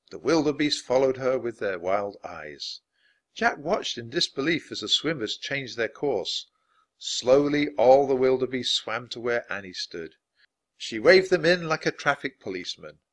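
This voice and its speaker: A man reads a children's book aloud with a bright, clear tone. His delivery is lively and expressive, rising and falling widely and dropping low for plain narration. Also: unhurried. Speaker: storybook reader.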